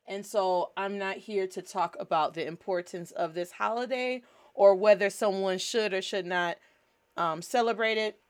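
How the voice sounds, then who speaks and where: A woman's voice: mid-range voice, normal speed. A woman hosting a language lesson in a casual, upbeat teaching style, moving between English and Spanish. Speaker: host.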